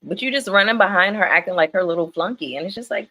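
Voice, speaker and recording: A young woman giving casual, animated livestream commentary on a reality show, laughing often. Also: mid-range voice, fast. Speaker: reality TV recap streamer.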